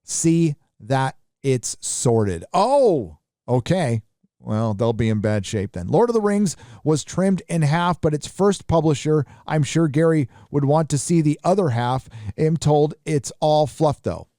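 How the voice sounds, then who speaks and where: A male livestream host reading out viewer donations and messages, adding quick casual asides. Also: fairly high pitch, lively intonation, warm tone, dry recording, studio quality. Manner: reads donor messages aloud with quick asides.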